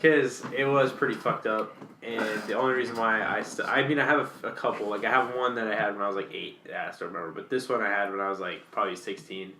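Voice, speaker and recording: A man's voice: on the low side, fairly even intonation, fast, sharp tone, slight background noise. A young man casually telling a long story on a podcast, rambling and swearing, with lots of fillers and restarts. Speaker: podcast guest.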